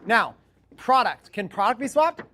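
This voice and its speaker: A man coaching viewers on sales scripts in an office, in an energetic, chatty, salesy way. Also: very high-pitched, a little slow.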